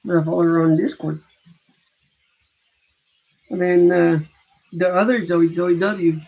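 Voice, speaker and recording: A man with a high, gravelly voice tells a meandering story in a casual way, often backing up and restarting his sentences. The recording is muffled and lo-fi. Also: level tone, unhurried, darkish tone. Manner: rambling, with frequent restarts. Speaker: gamer recounting a story. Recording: dull lo-fi recording.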